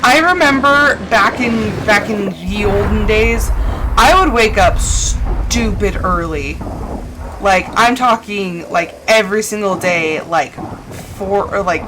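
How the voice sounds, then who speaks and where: A young woman streaming a game, chatting and telling stories casually and laughing often. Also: mid-range voice. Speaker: live streamer. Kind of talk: casual chat while gaming. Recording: background noise.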